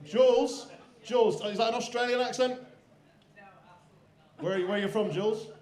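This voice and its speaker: High-voiced man hosting a comedy night. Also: moderate pace. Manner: crude, teasing banter with the crowd. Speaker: comedy show host. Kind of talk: live stand-up compering. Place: comedy club stage. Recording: echoey club with loud crowd. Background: audience laughter and cheers.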